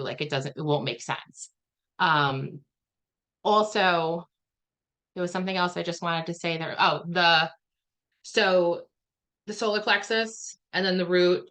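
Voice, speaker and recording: A woman's voice: lowish voice, fairly bright tone. Chatty woman full of "like" fillers. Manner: chatty, rambling, lots of "like" fillers. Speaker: spiritual healer guest. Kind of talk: casual chat explaining a healing session.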